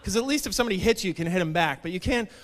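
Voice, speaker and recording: A stand-up comedian on a club stage, delivering sarcastic, mock-indignant rants into a handheld mic. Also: male voice, high voice, expressive, racing. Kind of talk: stand-up set.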